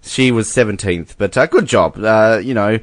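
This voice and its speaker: A man's voice: fairly low pitch, normal speed, no echo. A man co-hosting a casual sports podcast, rambling and joking with many fillers. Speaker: podcast co-host.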